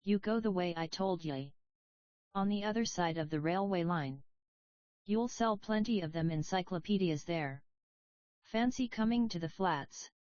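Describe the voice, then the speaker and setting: A woman's voice: on the low side, a little slow, a little mellow, no room sound, muffled recording, natural voice. A woman reading the part of a young woman who talks in a blunt, teasing way.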